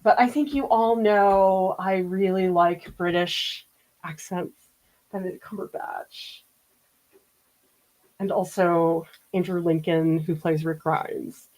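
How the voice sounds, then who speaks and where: A woman's voice: on the low side, fairly even intonation, slow pace, darkish tone, rough recording. A middle-aged woman from the Boston area who teaches art, chatting casually and laughing as she paints during a live demo. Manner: chatty, laughs often, muses aloud while painting.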